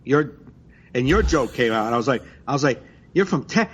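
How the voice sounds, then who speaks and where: Husky man telling crude stories. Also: mid-range voice, a little fast. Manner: crude, laughing storyteller. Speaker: comedian co-host. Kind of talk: casual podcast chat.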